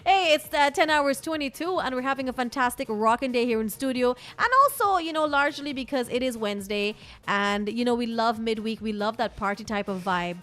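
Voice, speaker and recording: A woman's voice: on the high side, brisk, few pauses, fairly bright tone. A chatty, bubbly woman co-hosting a casual morning radio show, laughing often. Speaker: radio co-host.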